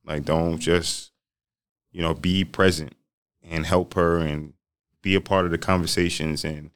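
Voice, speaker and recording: A young man in casual conversation, talking in halting starts and laughing easily. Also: low-pitched, fairly even intonation, clean tone, no room sound, studio quality. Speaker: groom-to-be guest. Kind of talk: casual chat.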